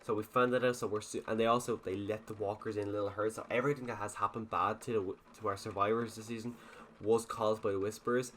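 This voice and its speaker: A man's voice: on the low side, flat delivery, quick pace, a bit bright, a little hiss or hum. A young man with an Irish accent rambling through a casual recap of a TV episode, often restarting sentences and quoting characters. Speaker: TV review vlogger.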